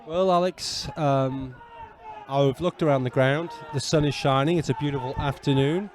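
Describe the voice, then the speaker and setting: A man co-hosting a casual football chat outdoors at a ground, playfully teaching Italian words slowly and patiently between remarks on the match. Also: mid-range voice, steady tone, a faint crowd. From England. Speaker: podcast co-host. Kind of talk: casual match commentary and banter.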